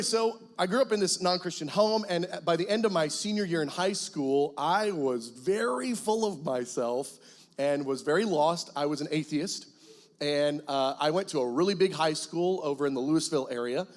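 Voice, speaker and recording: Pastor, male, slightly high voice, lively testimony sermon with jokes. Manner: animated storytelling, acts out his past self, jokes with the congregation. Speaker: guest pastor.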